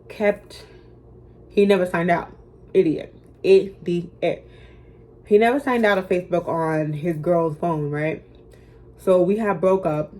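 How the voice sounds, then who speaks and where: Her voice is fairly low with a darkish tone. A young storytime vlogger, she shares a personal story to camera in a casual, blunt way, full of slang and swearing and self-mockery.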